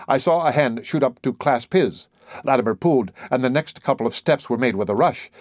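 A man reads scripted audiobook narration at a middle pitch, measured and deliberate. The recording is dry and close, with no room sound.

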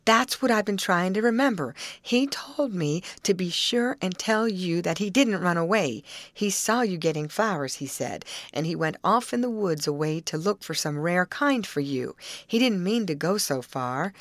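Timid backwoods youth, slow halting speech, low-pitched, dry read, by a woman narrator. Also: expressive, no room sound, lightly acted. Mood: eager. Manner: slow, hesitant, uneducated grammar. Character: simple-minded timid young man, halting.

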